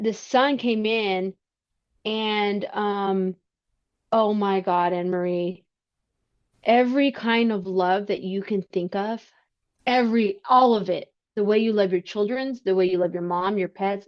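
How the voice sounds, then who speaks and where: A woman as a podcast guest, telling a personal story in conversation, earnest and halting with frequent restarts. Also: mid-range voice. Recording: slightly muffled lo-fi sound.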